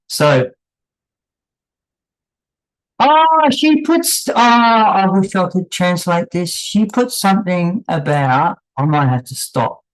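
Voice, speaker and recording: Male channel host, unscripted commentary; unhurried, halting, wryly apologetic. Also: a little high, poor audio. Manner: halting, pausing, with many restarts; wry and apologetic asides.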